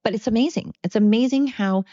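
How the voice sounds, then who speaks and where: A woman's voice: on the high side, a little fast, warm tone, no echo, dull audio. A woman in her forties hosting a solo podcast, chatty and rambling with self-mocking asides. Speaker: podcast host. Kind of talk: casual solo podcast monologue.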